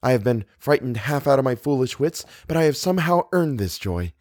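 A man's voice: mid-range voice, lively intonation, a little fast, darkish tone, no echo, clean studio sound, pitched above the performer's own voice, lightly acted. A man voicing a hopeful, anxious young woman in a storybook reading, speaking in a wondering, breathless way. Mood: dreamy.

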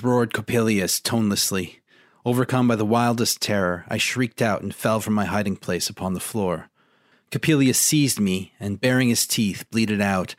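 A man reading a story passage aloud and discussing it in a measured way. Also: lowish voice, fairly even intonation, no room sound, studio quality.

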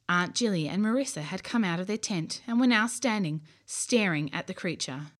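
A woman narrating a bedtime story in an expressive way, going hushed in the tense parts. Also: medium pitch.

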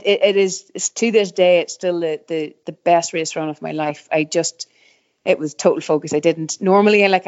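A woman's voice: deep voice, a little mellow. A middle-aged woman telling stories from her racing career in a casual interview, rambling with lots of fillers and restarts. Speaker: guest, former downhill mountain bike racer. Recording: slightly dull, muffled recording.

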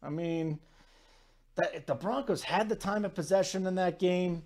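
A man in his forties hosting a sports talk show, telling stories in a rambling, animated way with lots of asides. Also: high voice, unhurried. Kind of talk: casual sports talk monologue.

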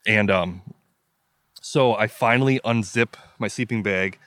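A man's voice: on the low side, unhurried, fairly bright tone, no room sound, studio quality. A man from the US Midwest, a podcast guest, telling a story in vivid, emphatic detail and acting out his own thoughts. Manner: vivid, emphatic retelling with acted-out inner quotes.

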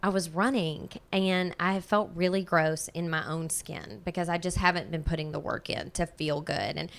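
A woman's voice: fairly low pitch, steady tone, normal speed, vocal fry. A woman chatting casually as a podcast guest, talking in an earnest, self-reflective, rambling way. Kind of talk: casual chat.

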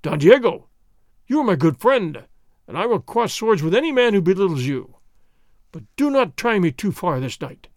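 Man playing a big hot-tempered sergeant, loud and blustering, lively pitch, dry sound. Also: moderate pace, no room sound. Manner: blustering, stammering.

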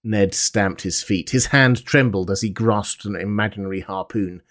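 A man narrating a classic adventure novel aloud in a steady, measured reading. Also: fairly low pitch. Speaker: audiobook narrator.

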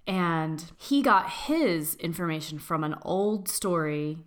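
A woman co-hosting a podcast, chatting casually and giggling, who reads an old legend in a hushed, creepy storytelling voice. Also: on the low side, lively intonation, slow pace. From Appalachia. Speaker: podcast co-host. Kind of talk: casual chat and spooky storytelling.

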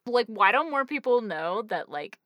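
A woman's voice: fairly high pitch, sing-song, moderate pace, a bit bright, no room sound. A woman co-hosting a podcast in casual, bubbly chat, laughing often and rambling. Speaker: podcast co-host.

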